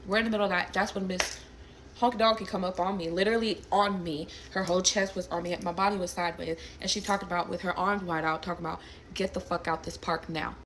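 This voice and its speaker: A young woman casually telling a personal story to camera, animated and blunt, swearing freely. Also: on the low side, fast talker, a little hiss or hum. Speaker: storyteller recounting a personal incident.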